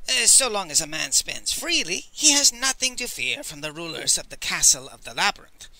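A man's voice: a little high, big pitch swings, moderate pace, bright, forceful tone, exaggerated voice, low-quality recording. A man voicing a wry, scheming old sage who speaks with knowing amusement in an audiobook. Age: older. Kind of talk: audiobook character voice.

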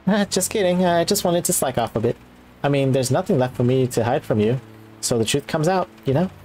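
A man's voice: on the high side, expressive, a little fast, darkish tone, slight background noise, voice pushed up, natural voice. A man doing a weary, fussing maid woman. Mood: sheepish. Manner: sweet, fussing, overworked. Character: tired, caring young woman teacher working as maid.

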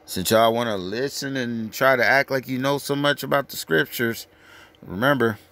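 A man preaching in a blunt, profane rant, lecturing his listeners hard. He reads out verses slowly and with weight, then snaps back into crude street talk. His voice sits at an ordinary middle pitch. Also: pushed and bright.

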